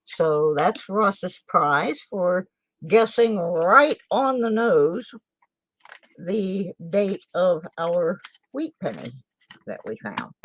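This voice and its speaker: Slow-talking chatty older woman host. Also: on the low side, sing-song, a little hiss or hum, rough recording. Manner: chatty, self-deprecating, muttering asides. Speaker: channel host, coin roll hunter. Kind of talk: casual livestream chat while sorting coins. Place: home desk in a small town.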